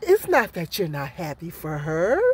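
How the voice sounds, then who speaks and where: A woman's voice: deep voice, wildly swooping pitch, moderate pace, husky. A middle-aged woman vlogging her opinions, emphatic and full of rhetorical questions, often asking "okay?". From Michigan, United States. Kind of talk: casual opinion vlog.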